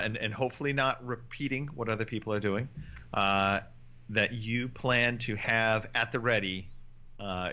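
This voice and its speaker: A man hosting a casual podcast chat, quick and chatty as he leads the round. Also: medium pitch, bright, forceful tone, muffled recording. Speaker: podcast host.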